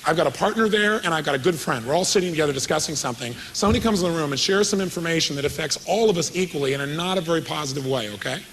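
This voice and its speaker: A man's voice: on the high side, racing, few pauses, a bit bright, slight background noise, rough recording. A man giving a live motivational seminar, telling a story with energy and quizzing his audience. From California. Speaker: motivational speaker.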